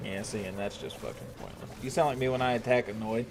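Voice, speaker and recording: Lowish guy streaming a game, talks to chat, swears when it goes wrong, faint hiss. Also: steady tone, fast. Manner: thinks aloud, swears when irritated. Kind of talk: casual gameplay commentary to chat.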